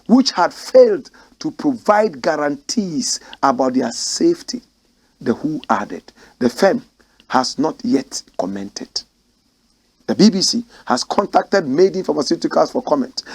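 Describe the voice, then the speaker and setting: A man hosts a commentary show. He reads news aloud in a husky, slightly high voice and breaks off into heated, emotional asides. His pitch swings widely as he reads and rants. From Ghana. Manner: emotional, rants and exclaims between read passages.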